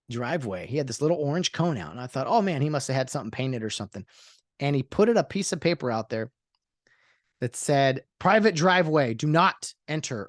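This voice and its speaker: A man's voice: mid-range voice, no room sound, clean studio sound. A man hosting a solo podcast, rambling in casual talk with lots of fillers and sarcastic asides. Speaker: podcast host.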